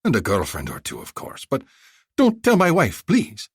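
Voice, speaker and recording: A flattering, effusive bazaar vendor, voiced by a man narrating a thriller audiobook, pitched well above his own voice and swinging up and down as he haggles. The sound is close and dry. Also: moderate pace, slightly rough, dry recording, exaggerated voice. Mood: wheedling. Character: fawning chatty male bazaar vendor.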